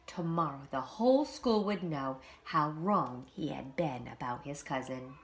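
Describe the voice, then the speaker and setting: A woman, a preschool teacher, reading a children's storybook aloud in an expressive, animated way. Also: low-pitched, measured pace.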